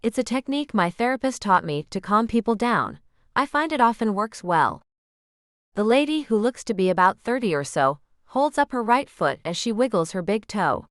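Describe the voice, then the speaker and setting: A woman narrating a romance audiobook in a gentle, expressive first-person style. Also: medium pitch, normal speed, clean tone, dry recording, clean studio sound. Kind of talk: scripted narration.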